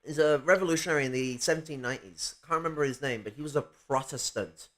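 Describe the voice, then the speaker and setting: A man's voice: mid-range voice, fast, a bit bright. A man in a casual political discussion who argues his points at length and swears freely.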